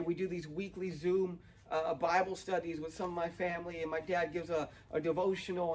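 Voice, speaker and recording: A man's voice: high-pitched, rough recording. A young man preaching a sermon outdoors, earnest and building to fervent emphasis. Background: dog barking, wind.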